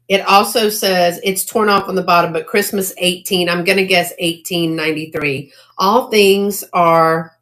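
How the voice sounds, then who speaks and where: A woman, hosting a casual live sale. She chats and exclaims over old items, and she reads faded handwriting aloud haltingly. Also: lowish voice, a bit bright. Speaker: online live-sale seller.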